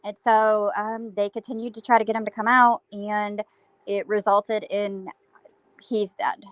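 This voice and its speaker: A woman's voice: medium pitch, little pitch movement, measured pace, dry recording. A woman with a mid-range voice earnestly recounting the latest news. The recording is dry and close, with no room sound. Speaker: guest. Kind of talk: casual chat.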